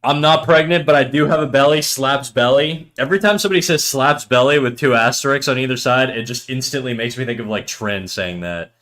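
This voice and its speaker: A man in his thirties chats casually with viewers as he draws on stream. He jokes around and laughs easily, in a relaxed, teasing way. His voice sits at a middle pitch. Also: brisk, few pauses. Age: 30s. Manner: joking, playful, often laughing. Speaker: livestreamer. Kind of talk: casual chat with viewers while drawing.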